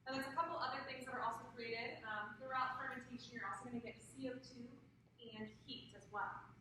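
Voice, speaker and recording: A woman's voice: on the high side, fairly even intonation, fairly quick, background noise. A woman teaching a group about winemaking, often checking in with "right?". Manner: checks in with tag questions, engaging the group. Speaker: wine instructor. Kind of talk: classroom lecture. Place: training room with a group. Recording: echoey room from far off.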